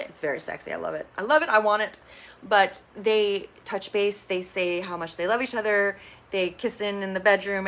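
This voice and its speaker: With a medium-pitched voice and a bit of background noise, a woman casually recaps a reality TV show in a gossipy way. She's blunt and opinionated, swears freely, and tells it chattily with bursts of excitement.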